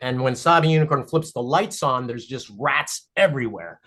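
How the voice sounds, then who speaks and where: A guest cartoon creator talking at home in a casual podcast conversation, telling stories in an animated, emphatic way. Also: medium pitch, moderate pace.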